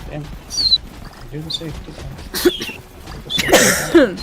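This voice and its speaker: A man's voice: on the high side, huge pitch swings, drawn-out words, heavy background noise. Dry, sarcastic man in a game chat. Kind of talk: casual gaming chat.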